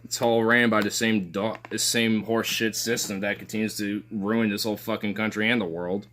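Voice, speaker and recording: A man's voice: on the low side, little pitch movement, moderate pace, fairly bright tone, a little hiss or hum. Guy ranting about politics on stream, swears a ton, says like every other word, sarcastic and scoffing. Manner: profane, rambling, heavy filler words.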